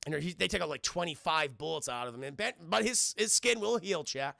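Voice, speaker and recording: A man excitedly retelling a film scene by scene to his stream chat, swearing freely and briefly acting out the characters' lines. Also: a little high, creaky, no echo, clean studio sound. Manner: excitable, swears, acts out lines in quick voices. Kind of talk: casual scene-by-scene recap.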